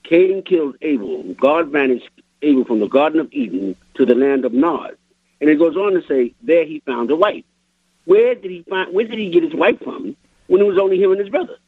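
A man's voice: fairly high pitch, expressive, fairly quick, no room sound. A man calling in to a radio show with a puzzled, insistent question. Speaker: caller. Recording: tinny phone line.

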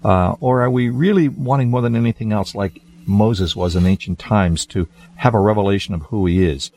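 A man who is a pastor, talking in a measured, emphatic way in a religious discussion. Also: on the low side, darkish tone.

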